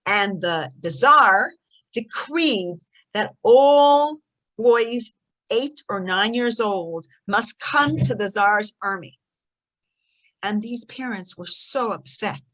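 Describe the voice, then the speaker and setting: A woman teaching a lesson through stories, animated, swinging between loud and soft for emphasis. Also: medium pitch, takes it slowly, rough recording. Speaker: rebbetzin teaching. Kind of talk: storytelling lesson.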